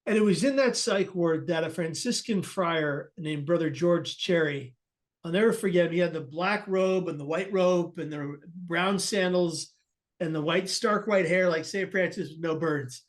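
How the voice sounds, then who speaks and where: A man's voice: fairly high pitch, normal speed. A man, a guest on an interview podcast, earnestly tells a personal story and acts out the people he quotes, often restarting his sentences.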